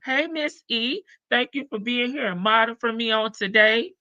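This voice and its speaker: A woman's voice: fairly high pitch, moderate pace, pushed and bright, no echo. An older woman hosting a casual live stream, greeting viewers one by one and stretching out her hellos. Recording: dull lo-fi stream audio.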